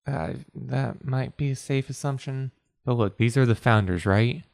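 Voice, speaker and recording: A man rambling through a tabletop game session, joking and losing his thread as he goes. His voice is mid-pitched and sits close and dry, with no room sound. He is casual and a little scattered. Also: moderate pace, creaky, darkish tone, no room sound. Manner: rambling, jokey, trails off mid-sentence. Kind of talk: casual tabletop role-play chat.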